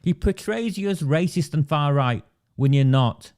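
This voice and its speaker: A man's voice: on the high side, animated, moderate pace, darkish tone. Guy ranting on his livestream, fired up, answers chat comments as he goes. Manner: indignant, emphatic, reads viewer comments aloud. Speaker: livestream host.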